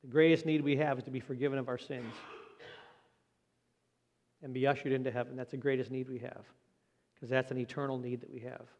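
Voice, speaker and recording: A man preaching a Sunday sermon in an earnest, plain-spoken way, slowing down for emphasis. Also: mid-range voice, level tone, darkish tone, muffled recording. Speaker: pastor. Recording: long hall reverb.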